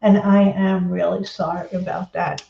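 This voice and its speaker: A woman hosting a crafting livestream, talking casually and rambling excitedly as she reads viewer comments and apologizes often. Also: fairly low pitch, moderate pace, creaky. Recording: roomy, dull lo-fi sound.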